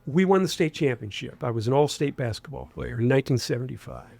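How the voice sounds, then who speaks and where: A conversational interview features a Huntington, West Virginia man in his sixties whose medium-pitched voice is creaky, slightly mellow, lively in intonation, and fast, with no room sound. He has a faint Appalachian accent and tends to ramble, restarting phrases and leaning on fillers.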